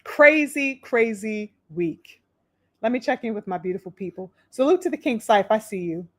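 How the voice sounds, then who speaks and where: A woman hosting a casual livestream on boxing, talking with her viewers in an animated, emphatic, profane way. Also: medium pitch, normal speed. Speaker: boxing talk show host.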